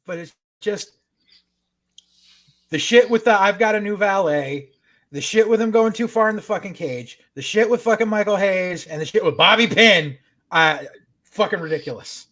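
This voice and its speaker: A man co-hosting a podcast, recapping a show in a profane, animated rant. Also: high voice, normal speed. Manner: profane, animated retelling with acted-out quotes. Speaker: podcast co-host.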